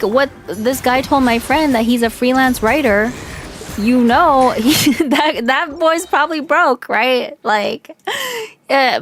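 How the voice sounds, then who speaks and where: A woman streaming as a VTuber in casual, blunt chat, from Canada and filling her talk with "like" and "right?". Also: fairly high pitch. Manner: blunt, chatty, filler-heavy with frequent "like" and "right?". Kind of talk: casual livestream chat reading viewer comments.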